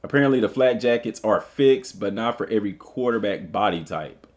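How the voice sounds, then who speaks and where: Animated Southern man with a lively voice. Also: fairly low pitch, a little fast. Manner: animated and joking, chats with viewers between read passages. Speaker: streamer and school football coach. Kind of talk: casual live commentary, reading an article aloud.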